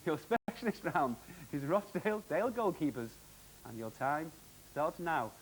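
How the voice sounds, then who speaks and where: Upbeat, lively, high-voiced male quiz host. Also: a little hiss or hum, poor audio. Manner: jokey, upbeat, quick quizmaster delivery. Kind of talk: televised quiz hosting.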